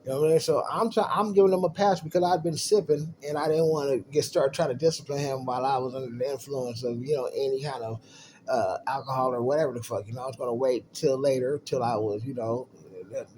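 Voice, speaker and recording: A middle-aged man spins a personal story in loose, cussing everyday talk, checking in with his listener as he goes. His voice sits at an ordinary pitch with a mellow, dark tone, and a faint noise hums underneath. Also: brisk, low-quality recording. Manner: laid-back, swears freely, frequent "you know what I mean". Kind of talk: casual profane storytelling.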